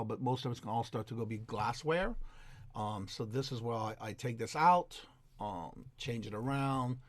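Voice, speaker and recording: A man's voice: medium pitch, no echo. Man narrating casually in a dry voice. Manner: rambling, many fillers and restarts. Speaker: antique reseller and vlogger. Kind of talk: casual voice-over walkthrough.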